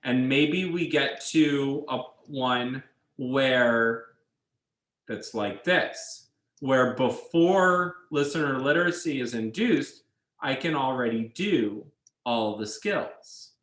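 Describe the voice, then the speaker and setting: Slow, deliberate male lecturer in an echoey room. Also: medium pitch, fairly bright tone. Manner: measured, explains step by step, checks in with students. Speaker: university instructor. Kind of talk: classroom lecture.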